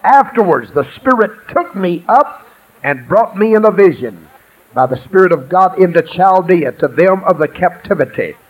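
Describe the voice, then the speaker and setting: A man preaching a lively sermon to a congregation, calling out for praise and answers. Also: sits high, moderate pace, slightly rough, highs cut off. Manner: exuberant call-and-response preaching, shouts and laughs. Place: church sanctuary.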